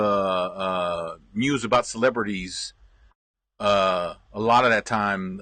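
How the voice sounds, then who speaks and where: Chatty bright-voiced man hosting a stream. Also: on the low side, dry recording. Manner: chatty, laughs often, repeats himself. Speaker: host reading viewer comments. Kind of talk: casual live-stream chat.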